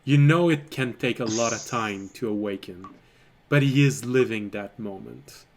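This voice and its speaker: A man narrating a tabletop fantasy game as game master, describing scenes deliberately. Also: medium pitch, slight background noise. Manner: descriptive, deliberate, occasional trailing restarts.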